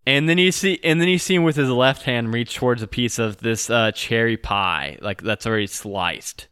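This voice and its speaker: A man's voice: medium pitch, moderate pace, a bit bright, clean tone, no echo. Young male game master; loose, filler-heavy narration, dry sound. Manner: casual, full of fillers like "like" and "uh".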